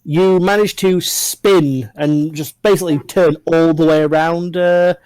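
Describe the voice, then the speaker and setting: A man's voice: on the high side, fairly even intonation, unhurried, a little mellow, clean tone, no echo, low-quality recording. A man running a tabletop role-playing game as game master over a voice call. He describes the scene loosely, with lots of fillers.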